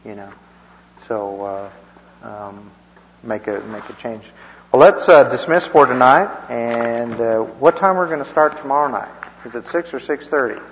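A man teaches a church class in a folksy, wandering style, chuckling through asides and homespun stories. His mid-range voice is animated and measured in pace, with slight background noise in an echoey, dull, lo-fi room recording.

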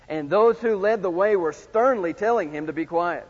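A middle-aged man preaching a sermon, swinging from loud shouts to hushed, intimate tones. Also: high voice, animated, moderate pace, few pauses. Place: large church sanctuary. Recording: dull sound with long hall reverb.

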